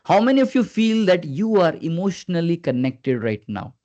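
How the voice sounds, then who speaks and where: A man leading a live online training session as a communication skills trainer, earnest and coaxing, who keeps prompting his listeners and swings his pitch up and down on purpose. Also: sing-song, moderate pace, dark tone. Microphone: video call. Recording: dull lo-fi video call audio.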